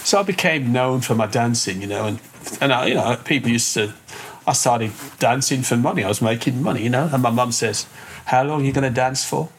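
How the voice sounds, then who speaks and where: A man's voice: medium pitch, expressive, brisk, slight background noise. An older man telling a story as an interview guest, rambling and restarting with lots of fillers. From England. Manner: rambling, repeats words, many fillers. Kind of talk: casual storytelling.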